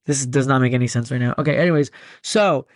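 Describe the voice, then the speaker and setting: Young male podcast host, quick jokey delivery, dry close mic. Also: medium pitch, no echo. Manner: fast-talking, animated, jokey. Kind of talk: casual chat.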